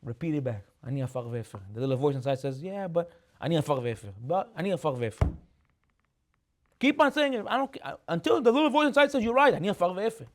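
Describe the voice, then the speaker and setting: Fast-talking animated rabbi, high voice. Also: male voice. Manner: animated, laughs often, mixes Hebrew terms. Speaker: rabbi giving a Torah class. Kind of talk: lively sermon on the weekly portion.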